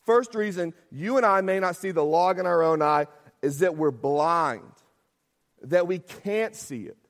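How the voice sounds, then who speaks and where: A man's voice: sits high, measured pace. A man preaching a sermon as pastor, talking conversationally, often asking "right?" and acting out quotes.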